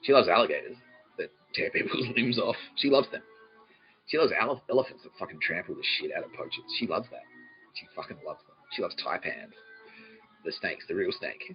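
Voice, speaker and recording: A podcast host with a lowish, expressive voice rambles briskly through a comedic monologue, swearing freely and often laughing mid-sentence. The recording sounds dull and lo-fi, with faint music underneath.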